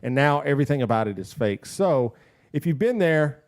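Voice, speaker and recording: A man co-hosting a podcast in casual chat, jokey and animated, laughing often. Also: on the high side, normal speed. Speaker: podcast co-host.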